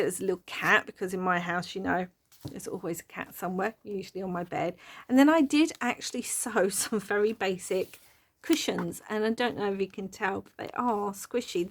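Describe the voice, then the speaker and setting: A woman's voice: mid-range voice, fairly bright tone. A middle-aged woman hosting a casual craft-journal flip-through, chatty and rambling and prone to giggling. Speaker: craft channel host.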